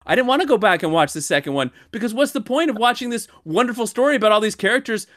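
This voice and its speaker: Animated storytelling man, dry sound. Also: high-pitched, quick pace, no room sound. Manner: animated storytelling, gets worked up. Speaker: podcast co-host. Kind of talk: casual chat.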